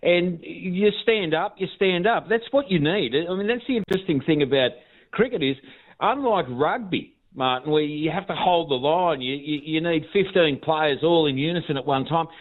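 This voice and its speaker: A man's voice: a little high, expressive, normal speed. Male guest, upbeat sports chat, phone-line audio. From Australia. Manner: enthusiastic, repeats himself.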